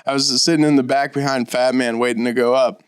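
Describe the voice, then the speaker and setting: A man's voice: mid-range voice, level tone, fast talker, clear, resonant tone, no room sound, clean studio sound. A young man, a stand-up comedian co-hosting a podcast, laid-back and wry, chuckling as he talks. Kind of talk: casual chat.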